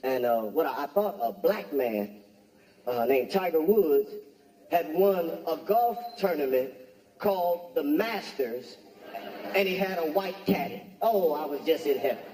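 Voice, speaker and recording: A man from the United States doing stand-up comedy on a club stage, talking slowly with many fillers and pauses. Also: fairly high pitch, lively intonation, mellow. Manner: slow, hesitant delivery with many fillers. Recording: echoey hall with live audience.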